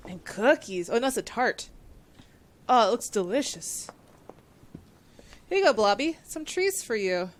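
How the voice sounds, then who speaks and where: A woman streamer giving casual, excitable gameplay commentary and reading on-screen text aloud. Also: fairly high pitch, measured pace, long pauses.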